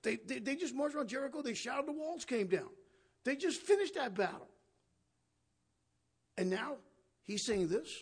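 A man's voice: sits high, a little mellow, breathy edge. A man giving conversational Bible teaching, questioning his listeners and paraphrasing scripture. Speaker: preacher.

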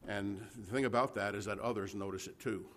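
A man's voice: on the low side, fairly even intonation, a little fast, a bit bright. A man preaching a conversational sermon, reading scripture aloud and explaining it to a live congregation. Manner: conversational Bible teaching, frequent restarts and "right?" checks.

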